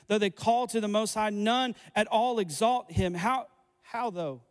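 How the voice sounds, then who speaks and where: A man's voice: high-pitched, a little slow. A man preaching a sermon, earnest and building to impassioned appeals to the congregation. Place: church hall. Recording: echoey hall with faint music. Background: faint music.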